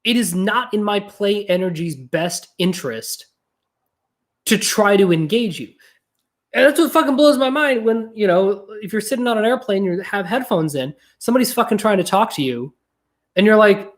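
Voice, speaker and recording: Podcast host, from New Mexico, casual monologue, rambling, profane, slow musing mixed with quick bursts. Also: medium pitch, lively intonation. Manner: rambling, profane, self-correcting.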